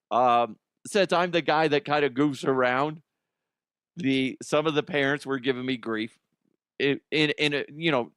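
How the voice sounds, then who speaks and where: Middle-aged male comedy podcast host, animated, rambling, self-deprecating, close dry mic. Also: medium pitch, no echo. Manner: rambling, self-mocking, laughs at his own jokes. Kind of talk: solo comedy podcast monologue.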